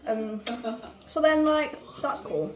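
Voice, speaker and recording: A woman's voice: sits high, expressive, takes it slowly. A young woman casually retelling a story, chatty and rambling, with lots of "um", "like" and "obviously". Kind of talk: casual retelling of a musical's plot. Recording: roomy echo with music behind.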